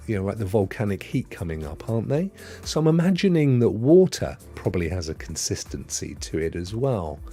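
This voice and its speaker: A man's voice: mid-range voice, dark tone, slightly rough. A man in his fifties with a mixed Potteries and Sydney accent and a touch of Devon, hosting a live stream and chatting casually with viewers in a matey, rambling way. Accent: mixed Potteries and Sydney, with some Devon. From England. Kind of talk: casual chat reading viewer comments.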